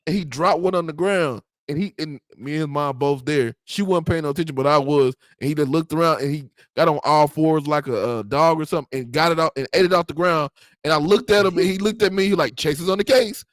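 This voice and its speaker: A man co-hosts a casual podcast and tells loose, slangy stories, laughing often as he goes. His voice sits somewhat high for a man. The sound is dry and close. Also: fairly quick, no room sound. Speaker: podcast co-host. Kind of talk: casual chat.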